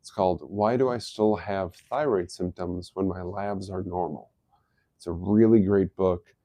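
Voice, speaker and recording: A middle-aged man talks easily through health tips on a live stream. His voice is low and mellow. The sound is dry and close. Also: steady tone, a little slow, no room sound. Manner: easygoing, explanatory, chuckles at his own jokes. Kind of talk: casual live-stream talk.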